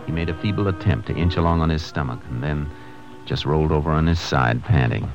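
An actor playing a calm, resourceful tracker who narrates in an old radio drama. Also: male voice, rumbling low, a little fast, lo-fi sound, music in the background. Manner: calm, even narration; clipped commands. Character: steady, resourceful adult male tracker. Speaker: narrator and lead detective. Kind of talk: 1950s radio drama acting.

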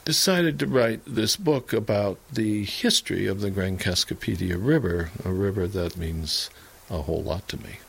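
An older American man with a very deep, gravelly voice tells his story in a halting, heartfelt way. He stops and restarts often, with plenty of fillers, and a faint hiss of noise sits under his words. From United States. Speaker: interviewee, author. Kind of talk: emotional personal reminiscence.

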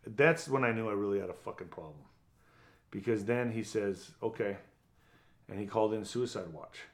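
Interview guest: low-pitched middle-aged man, blunt, profane storyteller. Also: brisk. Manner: blunt, profane, vivid retelling with acted quotes. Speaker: guest, former boxer.

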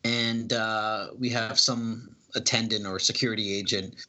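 A man's voice: on the low side, fairly even intonation, measured pace, bright, forceful tone. A man casually reading through a comic book and describing its panels, hesitant and full of fillers. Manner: rambling, hesitant, many fillers.

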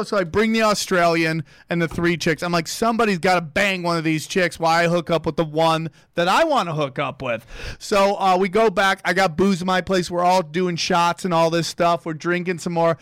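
A male comedian with a high, bright pitch spins a crude, animated anecdote full of swearing. The recording is dry and close, with no room sound. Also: fairly quick, smooth, dry recording. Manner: profane, animated storyteller. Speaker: guest comedian. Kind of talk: storytelling on a podcast.

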